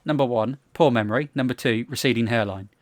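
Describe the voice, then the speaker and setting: A man's voice: mid-range voice, fast talker, no echo, studio quality. A young man co-hosting a podcast, joking playfully in casual chat. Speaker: podcast co-host.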